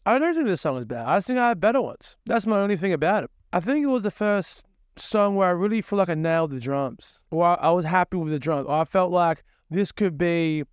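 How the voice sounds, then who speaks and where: A man's voice: high-pitched, animated, brisk, clean tone, no room sound, clean studio sound. A young man hosting his own music podcast, rambling crudely and swearing as he laughs at himself in a casual monologue.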